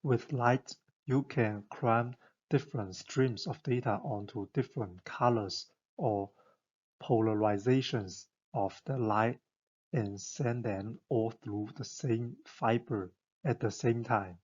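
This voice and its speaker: Guy narrating an explainer, slow and husky, kinda lo-fi sound, keen chatty tone. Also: medium pitch, a little mellow. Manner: enthusiastic, conversational, rhetorical questions.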